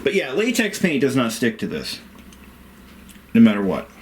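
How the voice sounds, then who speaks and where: Man, home renovation vlogger, casual rambling how-to talk, animated pitch, frank and salty. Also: moderate pace, a little hiss or hum. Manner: chatty, rambling, frank and a little profane. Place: house basement at home.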